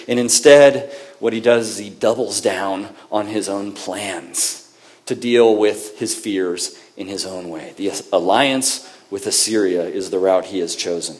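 A man as pastor, preaching a sermon in a conversational storytelling way, lively and often correcting himself mid-sentence. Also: fairly low pitch, unhurried.

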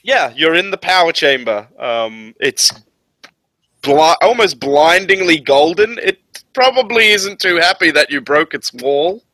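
A man running a tabletop game as game master, describing scenes in a halting way with many fillers. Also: on the high side, animated, sharp tone, no room sound.

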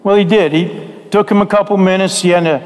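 A man preaching a sermon, telling stories in a slow, deliberate way with drawn-out phrases. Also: sits high, fairly even intonation, big-room sound, poor audio. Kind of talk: sermon with storytelling.

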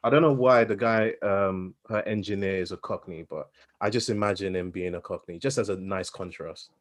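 Animated, playful man with a lowish voice. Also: normal speed. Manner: animated, playful, given to comic exaggeration. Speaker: podcast co-host. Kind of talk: casual chat.

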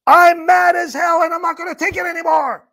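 Enraged newsman, put on by a man, high and yelling. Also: steady tone, brisk, creaky, heavily acted. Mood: furious. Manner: shouting, exhorting. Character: furious middle-aged male TV newsman.

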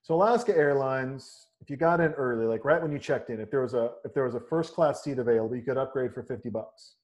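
A man's voice: mid-range voice, fast, darkish tone. A man in casual chat, telling a story in an easygoing way with chuckles.

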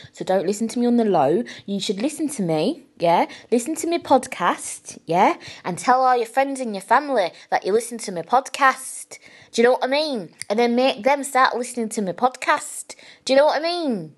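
A woman's voice: on the high side, animated, moderate pace. A young woman hosting her own podcast, chatting casually and rambling, mocking herself, swearing freely and giggling. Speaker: podcast host. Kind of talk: casual solo podcast outro.

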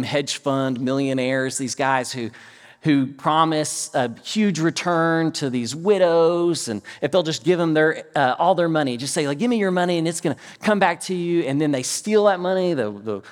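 A middle-aged man from the United States preaches as a pastor, his voice a little high with a long reverb tail. He tells stories in an animated style, acting out quotes as he goes.

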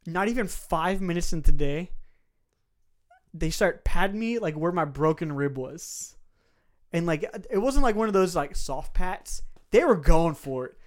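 A young man, podcast co-host, telling a story in casual chat, animated and swearing, acting out the voices of other people. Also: fairly high pitch, a little slow.

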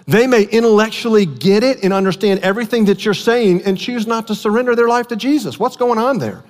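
A pastor delivering a sermon with a high-pitched voice that carries a long reverb, as in a large hall. He talks in a conversational, storytelling way and repeats key lines for weight. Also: a little fast.

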